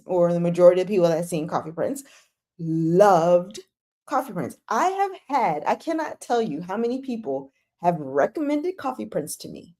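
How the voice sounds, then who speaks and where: A young woman hosts a casual live chat, her pitch swinging widely as she talks. She gushes and gets exasperated by turns, acting out her own reactions. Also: darkish tone.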